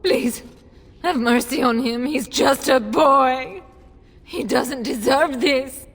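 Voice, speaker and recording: Brief: pleading noble mother, high-pitched and slow. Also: fairly bright tone, slightly rough, in a large hall, heavily acted. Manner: pleading, tearful. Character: desperate noble mother pleading for her son.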